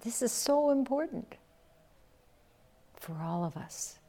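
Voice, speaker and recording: A woman Zen teacher giving a dharma talk, telling a story slowly and reflectively and acting out the quotes. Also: on the high side, animated, warm tone.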